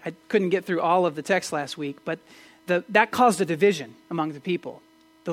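A pastor giving a conversational Sunday-morning sermon in church, often asking rhetorical questions and stumbling into quick restarts. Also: medium pitch. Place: church service.

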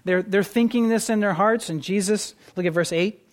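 A pastor preaching a sermon to a congregation, swinging between loud stressed phrases and quiet asides, and often repeating words when restarting a thought. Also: mid-range voice, normal speed.

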